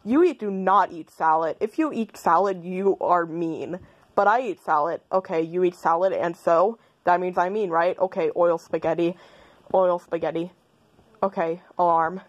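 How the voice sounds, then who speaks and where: Silly rambling woman, low voice. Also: moderate pace. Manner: silly, playful, argues back and forth with herself. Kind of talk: rambling stream-of-consciousness monologue.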